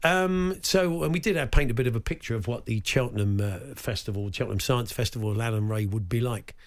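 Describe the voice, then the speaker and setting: Chatty man co-hosting a radio show. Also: mid-range voice. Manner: chatty, reads listener jokes aloud with quick put-on voices. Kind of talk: casual radio chat reading listener texts.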